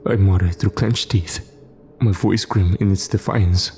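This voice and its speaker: A man narrating a first-person horror story in a grave, measured way. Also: low voice, steady tone, a little mellow. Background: faint music.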